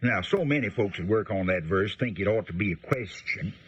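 Low husky male radio Bible teacher. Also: expressive, fairly bright tone. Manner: folksy, unhurried, explaining with many pauses. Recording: dull lo-fi radio broadcast.

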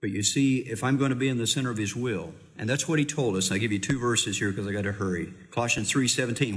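A man's voice: mid-range voice, fast talker, hardly any pauses, a bit bright. A middle-aged male pastor preaching a sermon in a folksy, teasing, emphatic way.

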